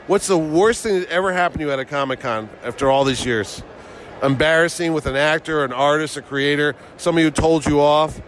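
A man's voice: fairly high pitch, a little fast, fairly bright tone, slight background noise. Teasing man at an outdoor comic con. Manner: joking, teasing, tells stories with acted-out quotes. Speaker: convention promoter and host. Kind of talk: casual chat.

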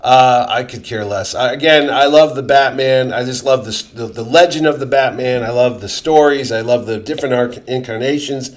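A man's voice: medium pitch, moderate pace, hardly any pauses. A man in casual conversation about comics, wry and joking with his co-host. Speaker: podcast co-host.

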